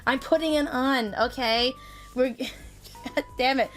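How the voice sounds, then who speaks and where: A woman streaming live in casual chat, excitable and laughing often, with bursts of mock-outraged swearing. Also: high-pitched, takes it slowly, faint music behind. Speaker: streamer hosting a chat with creators.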